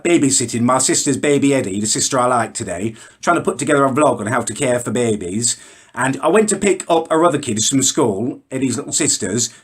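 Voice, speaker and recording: A man's voice: mid-range voice, fairly bright tone, lightly acted. A man playing a petty, self-righteous young man who rants indignantly to camera in a comic vlog. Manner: indignant, pompous, builds into angry outbursts. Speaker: comedy character vlogger. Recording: echoey room.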